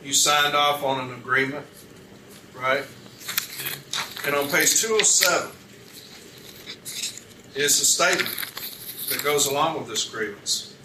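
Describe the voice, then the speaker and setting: A man's voice: medium pitch, unhurried, long pauses. A man acting as a union advocate at an arbitration hearing, questioning a witness methodically and reading documents aloud. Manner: methodical, reads documents aloud, corrects page numbers. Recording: echoey room, distant mic, background noise.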